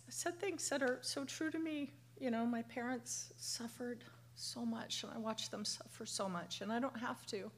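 A woman in her fifties sharing her story at a recovery meeting, emotional and halting, with many fillers and restarts. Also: a little high, a little hiss or hum. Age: 50s. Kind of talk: personal share at a recovery meeting. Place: meeting room.

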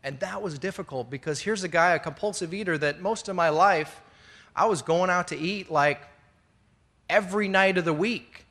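Speaking at normal speed in a high-pitched, fairly bright voice, a middle-aged man shares his recovery story in an indoor meeting room. His talk to the audience rambles, with many fillers and restarts. He's earnest and occasionally laughs at himself.

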